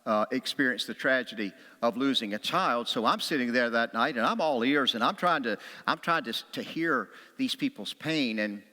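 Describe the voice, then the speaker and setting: A man's voice: mid-range voice, moderate pace, hardly any pauses. A middle-aged man preaching a sermon as a pastor, telling stories and acting out quotes with a raised voice or a whisper. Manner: animated storytelling, acts out quotes with a raised voice or a whisper. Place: church sanctuary. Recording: long hall reverb.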